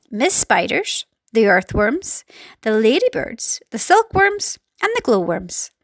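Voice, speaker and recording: A woman narrating a storybook aloud in an expressive, dramatic way. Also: a little high, no echo.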